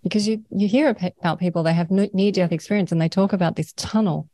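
Earnest Australian woman, low and dry. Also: fast, warm tone, no room sound. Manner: earnest, rambling, laughs often. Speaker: paranormal experiencer, guest. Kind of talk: conversational interview.

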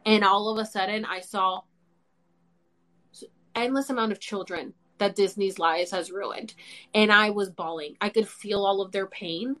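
Young woman, host, excitable, swears a lot, heavy filler words, mid pitch. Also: unhurried. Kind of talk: casual chat.

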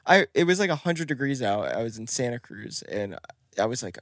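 A man's voice: medium pitch, lively intonation, moderate pace, no echo. A young man co-hosting a casual podcast, telling stories with jokes and swearing. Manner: joking, profane, laughs often. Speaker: podcast co-host.

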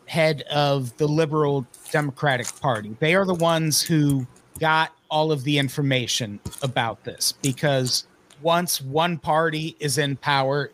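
A man hosting a casual comedy podcast, reading news with wry, deadpan asides. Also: on the high side. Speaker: podcast host.

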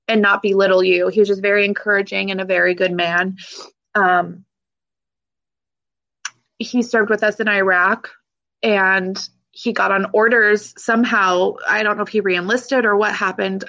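Female veteran guest, mid-range voice, halting and emotional, nervous laughs, slightly muffled lo-fi recording. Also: mid-range voice, steady tone, gravelly, sharp tone. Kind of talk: emotional interview conversation.

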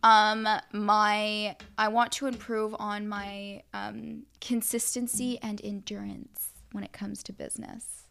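Young woman, podcast co-host, relaxed rambling chat, gravelly fry. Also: medium pitch, slow pace, slight background noise. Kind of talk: casual chat.

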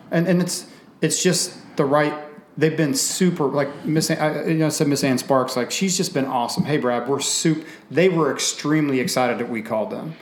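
A man's voice: on the high side, reverberant, a little hiss or hum. A man who organizes a fishing league, talking casually and enthusiastically, rambling with frequent restarts. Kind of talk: casual chat.

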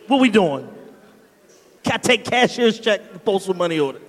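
A man voicing a pushy male smuggler who haggles in quick sales patter, recorded with long live-venue reverb. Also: sits high, very animated. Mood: hustling.

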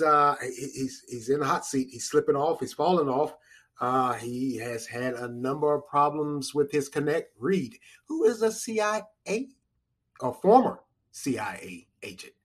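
A man hosting a casual solo podcast, rambling and repeating himself with chuckling asides. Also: on the high side. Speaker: podcast host.

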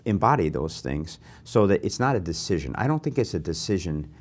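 Host: older man with a very low voice, animated and anecdotal, pokes fun at himself. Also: a little fast. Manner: animated, anecdotal, self-deprecating. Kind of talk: conversational interview.

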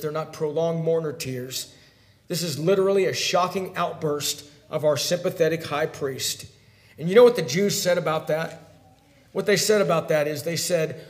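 A man preaching a sermon, dropping to a hush and then rising into emphatic, fervent passages. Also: a little high, roomy sound. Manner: swings from hushed to emphatic. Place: church sanctuary.

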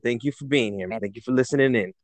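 A man co-hosting a casual podcast, playful and quick to laugh. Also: medium pitch, no echo. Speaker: podcast co-host.

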